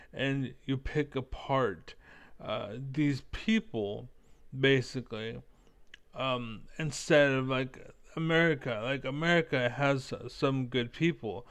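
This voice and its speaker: A man's voice: medium pitch, smooth. A man giving angry reaction commentary, profane and combative, rambling as he argues. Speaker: reaction video creator.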